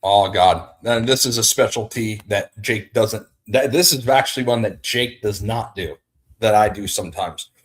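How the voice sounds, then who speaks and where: A man's voice: fairly low pitch, normal speed, breathy edge. A man hosting a casual livestream, rambling and greeting viewers as they arrive. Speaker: livestream host.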